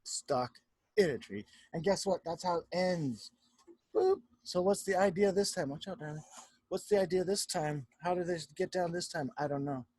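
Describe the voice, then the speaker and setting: Lively man reading a picture book to kids. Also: high voice, normal speed, no echo. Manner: warm, animated storyteller who keeps checking in with the children. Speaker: teacher. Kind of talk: reading a picture book aloud to young children.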